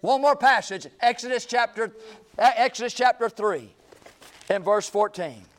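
A man preaching a sermon to a church congregation, reading scripture aloud with dramatic pauses and swinging between loud declarations and hushed lines. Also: very high-pitched, lively intonation. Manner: reads scripture aloud in a slow, deliberate cadence. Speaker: pastor. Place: church sanctuary.

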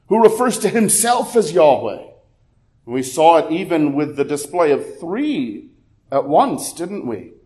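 A man delivers a sermon as pastor in a conversational style with fillers and self-corrections, rising to loud, emphatic high points before falling quiet again.

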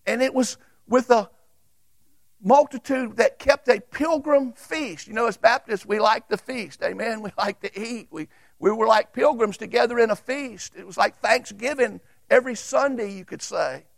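A man, preaching a sermon as a Baptist pastor and reading scripture aloud with emphatic pauses. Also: very high-pitched, vocal fry, dry recording.

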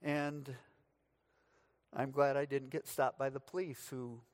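A man's voice: mid-range voice, level tone, slow. A middle-aged man from the United States, preaching a sermon as pastor, telling stories with dry humor.

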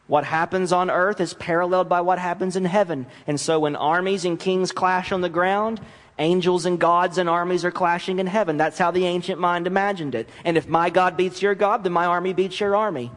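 Man preaching a lively sermon in a reverberant hall. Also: high voice, a little fast. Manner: animated, acts out voices of mocking nations and God.

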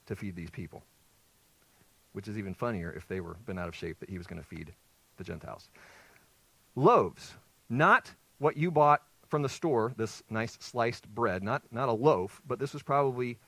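Male pastor, lively conversational sermon, dry close sound, very expressive pitch. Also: no echo, rough recording. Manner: lively, conversational preaching with rhetorical questions. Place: church sanctuary with congregation.

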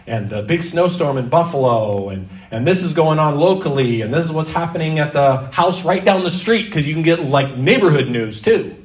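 Animated preaching man, roomy distant sound. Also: a little high. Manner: animated preaching, mock-panicked voices for fearful people. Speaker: pastor. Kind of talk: sermon.

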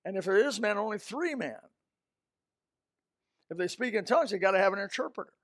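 A man preaching a sermon in an emphatic style, swinging between loud outbursts and quiet, low asides. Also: expressive, fairly quick, dry recording, clean studio sound.

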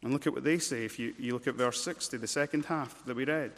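A man preaching a sermon, emphatic, swinging between loud urgency and low intensity and repeating words as he builds a point. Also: quick pace. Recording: long church-hall reverb.

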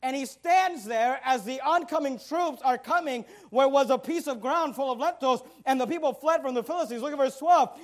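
A man with a strikingly high voice preaches a fiery sermon from the pulpit. He hammers his points through repetition and swings into loud, confrontational bursts. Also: brisk, few pauses. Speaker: pastor.

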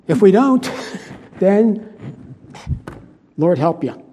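A man's voice: sits high, animated, very slow, mellow, breathy edge. Emphatic man preaching in a hall. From United States. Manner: emphatic, earnest, repeats phrases for stress. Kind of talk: sermon. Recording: long hall reverb.

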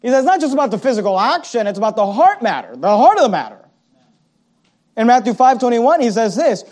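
High-voiced guy preaching a sermon, goes loud then drops way quiet, mocks excuses. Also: big pitch swings, fast talker. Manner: preaching with sharp swings from loud to quiet, mimicking listeners. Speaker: pastor.

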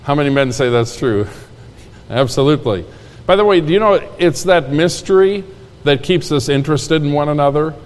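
Heard with the long reverb of a church sanctuary, a male pastor gives a sermon in an earnest, folksy style, often going back over his key lines. His slightly high, a little mellow voice is expressive and moves at a moderate pace.

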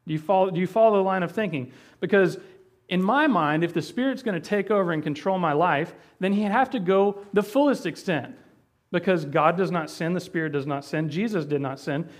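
A man's voice: high-pitched, a little fast. A man pastor teaching Bible doctrine in a conversational way, with many fillers and restarts as he explains.

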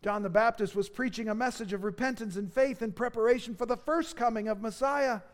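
This sermon comes from a man with a very high-pitched voice, moving at a fairly quick clip. He preaches earnestly and emphatically, lifting key phrases with dramatic rises.

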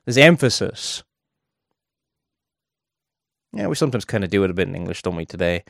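A man's voice: low voice, sing-song, racing, vocal fry, dry recording, clean studio sound. A man preaching a sermon in a conversational way, thinking aloud and adding asides as he explains a verse.

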